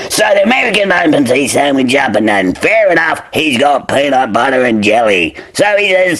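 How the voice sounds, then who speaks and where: A drunk Australian man tells a crude joke in a rambling, sweary way, often losing track and starting over. His pitch swings widely, rising and dropping as he goes. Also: very animated, fairly quick, hardly any pauses, fairly bright tone. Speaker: comedy podcast joke teller.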